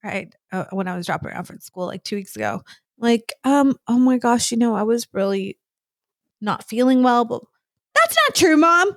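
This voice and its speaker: Animated woman telling parenting stories. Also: fairly high pitch, normal speed, dry recording, studio quality. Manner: animated storyteller, acts out other people's lines. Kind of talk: casual chat.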